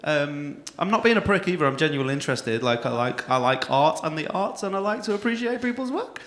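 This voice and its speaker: Brash, high-pitched compere. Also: male voice, sing-song, quick pace, fairly bright tone. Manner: brash, teasing, swearing banter with the audience. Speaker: comedy club compere. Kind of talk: crowd work at a stand-up gig. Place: comedy club stage. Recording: echoey club room.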